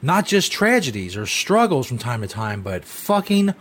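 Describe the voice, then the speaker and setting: A man hosting a podcast who rants loosely and swears often. His voice sits at an ordinary pitch, and his commentary stays casual and offhand. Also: big pitch swings, moderate pace, fairly bright tone. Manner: profane, ranting commentary. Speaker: podcast host.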